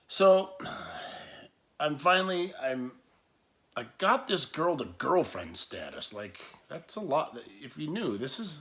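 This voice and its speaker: A man's voice: mid-range voice, fairly bright tone. A man telling a rambling personal story to camera, full of restarts, asides and laughs. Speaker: vlogger.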